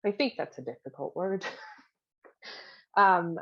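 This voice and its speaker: Woman, language teacher, patient, lowish voice, muffled lo-fi sound. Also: breathy edge. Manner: patient, explains slowly, repeats words. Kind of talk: pronunciation lesson.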